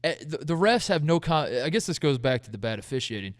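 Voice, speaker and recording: A man co-hosting a sports podcast, telling stories in a casual, animated way and acting out what other people said. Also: a little high, fast, dry recording, studio quality. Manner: animated storytelling, acts out quotes in jokey voices. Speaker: podcast co-host.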